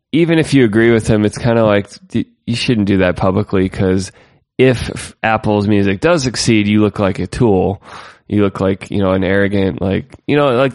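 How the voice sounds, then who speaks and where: A man's voice: fairly low pitch, a little mellow, dry recording, studio quality. A man co-hosting a casual tech podcast, chatty and sarcastic, laughing often. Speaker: podcast co-host.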